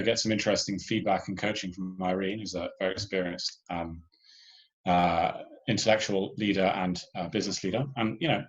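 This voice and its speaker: A man's voice: fairly low pitch, muffled recording. A man organizing a hackathon, explaining the submission and judging rules in a loose online workshop briefing, full of fillers and restarts.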